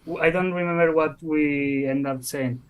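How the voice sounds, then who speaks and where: A man's voice: fairly high pitch, fairly even intonation, moderate pace, clean tone. A man playing a tabletop game, asking casual, unsure questions about his moves. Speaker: player.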